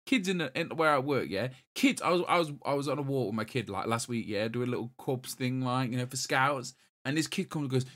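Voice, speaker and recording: A man in his thirties talks over his co-hosts in a loose podcast chat. He swears freely, gets worked up fast and trips over his own restarts. His pitch sits in the middle for a man. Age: 30s. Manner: profane, excitable, stumbling restarts. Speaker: podcast co-host. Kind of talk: casual chat.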